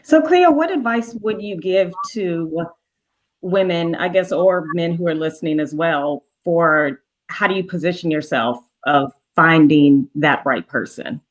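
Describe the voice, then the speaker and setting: Low-voiced woman talk show host. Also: unhurried, poor audio.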